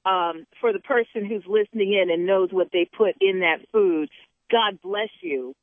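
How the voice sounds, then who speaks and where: A woman's voice: moderate pace, no echo. Woman host, preachy and emphatic, repeats herself, sounds like a phone call. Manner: repeats words for emphasis, rising to a preaching pitch. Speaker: talk show host. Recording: tinny phone line.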